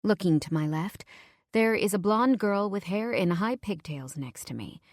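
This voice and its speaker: A woman reading a first-person audiobook in a measured, low-key way. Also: animated, darkish tone, no room sound, clean studio sound. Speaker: audiobook narrator.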